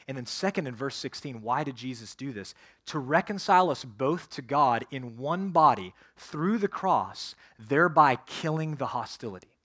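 A man's voice: a little high, fairly bright tone, breathy edge. A male pastor preaching a sermon, earnestly addressing the congregation directly.

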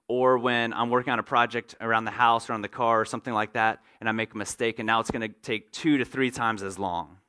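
A man's voice: medium pitch, pushed and bright. A man preaching a sermon as pastor, earnest and direct, sometimes acting out everyday moments to make a point.

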